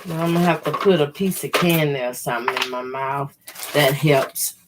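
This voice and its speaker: A woman's voice: sits low, very noisy. A woman chatting to viewers in an easygoing way while she sews quilt blocks on a livestream. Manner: slow, easygoing running commentary, addresses viewers as y'all. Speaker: quilter hosting a sewing livestream. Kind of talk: casual chat while sewing.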